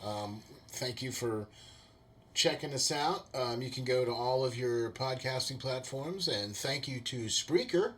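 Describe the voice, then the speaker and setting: A man's voice: mid-range voice, measured pace, fairly bright tone. A man hosting a sports podcast, chatting casually and rambling with many fillers. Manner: rambling, filler-heavy, friendly. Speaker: podcast host.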